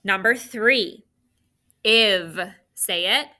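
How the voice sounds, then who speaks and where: A woman teacher dictating spelling sounds and words to students, with slow, clearly enunciated delivery. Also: medium pitch, pushed and bright.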